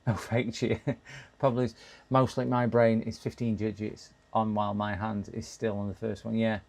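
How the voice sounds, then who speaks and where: Gravelly man chatting on stream. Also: fairly low pitch, flat delivery, moderate pace, a little mellow. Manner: chatty, talks to chat while working, frequent restarts and laughs. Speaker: live-stream repair streamer. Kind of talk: casual live-stream chat.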